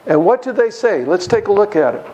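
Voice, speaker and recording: Animated high-voiced man teaching Bible study. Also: fairly quick, muffled recording. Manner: animated, acts out voices of the characters, asks the audience questions. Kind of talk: church Bible study lecture. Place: church hall.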